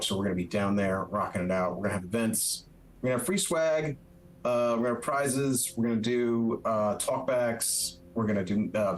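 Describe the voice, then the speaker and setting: A man's voice: on the low side, a little hiss or hum, poor audio. A man running a streamed tabletop game as its game master, talking upbeat and chatty with plenty of filler words.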